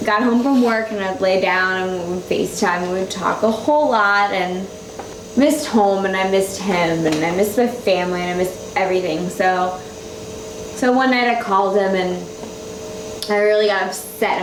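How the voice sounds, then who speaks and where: A woman's voice: mid-range voice, moderate pace. A young woman telling a tipsy love story to the camera in run-on, heartfelt sentences. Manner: run-on, heartfelt, restarts often. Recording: echoey room with clear noise.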